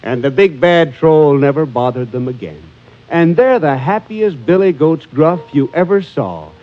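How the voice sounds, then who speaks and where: A man reading a children's story aloud in a lively, rhythmic, sing-song way. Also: fairly high pitch, measured pace. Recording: muffled, with music behind.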